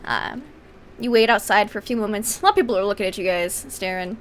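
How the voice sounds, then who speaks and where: A woman acting as game master for a tabletop game chats casually, using fillers and narrating scenes in an upbeat way. Her voice is medium-pitched and quick, with faint background noise behind it.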